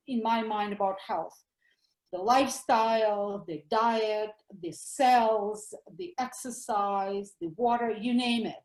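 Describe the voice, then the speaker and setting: A woman's voice: fairly high pitch, a little mellow, roomy sound, poor audio. A middle-aged woman with a Russian accent, a doctor speaking as a guest in an interview, earnest and enthusiastic. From former Soviet Union. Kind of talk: interview over the line.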